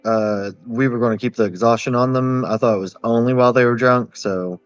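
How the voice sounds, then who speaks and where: A man's voice: medium pitch, steady tone, a little fast, clear, resonant tone, dry recording. Hesitant male player, mid voice, lo-fi dry recording. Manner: hesitant, thinking aloud. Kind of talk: casual tabletop game chat.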